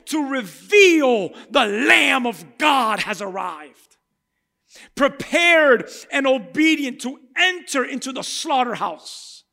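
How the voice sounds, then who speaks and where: A man preaching a sermon with passion, swinging from loud cries to hushed tones and acting out crowd voices. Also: very high-pitched, sing-song, slow, vocal fry. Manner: acts out crowd cries and speaks in Jesus' voice.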